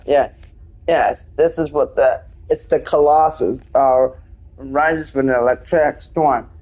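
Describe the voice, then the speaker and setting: A man's voice: medium pitch, fairly even intonation, takes it slowly, a little mellow, poor audio. A man hosting his own gaming channel, talking casually over his gameplay, hesitant and full of restarts.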